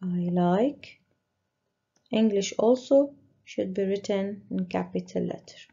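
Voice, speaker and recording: A woman teacher slowly walking young pupils through a worksheet, patiently stressing each word. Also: medium pitch, vocal fry, mellow, breathy edge. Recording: dull lo-fi recording.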